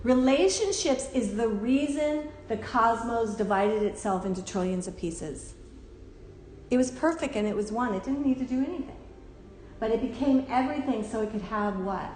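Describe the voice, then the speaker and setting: A woman's voice: fairly high pitch, moderate pace, darkish tone, slight background noise. A woman giving a casual spiritual talk to a class, candid and chatty, swearing and laughing often. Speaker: spiritual teacher. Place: temple room. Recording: roomy echo.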